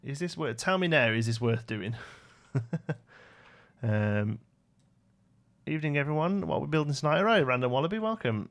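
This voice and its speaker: A man's voice: mid-range voice, animated, normal speed, long pauses. A young British man livestreaming a building game, rambling to himself and answering chat questions in a casual way. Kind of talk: casual live-stream chat while building.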